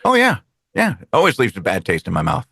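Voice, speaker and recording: Brief: a gravelly, bright man, very lively pitch, wry interjections as podcast co-host. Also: fairly quick, no room sound, clean studio sound. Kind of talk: casual chat, listener replies.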